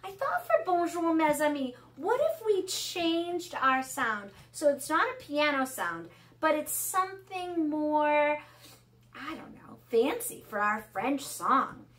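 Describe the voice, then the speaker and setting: A middle-aged woman teaching an online music lesson to young children, encouraging and clear. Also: high-pitched, sing-song. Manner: bright, encouraging, speaks slowly and clearly to kids.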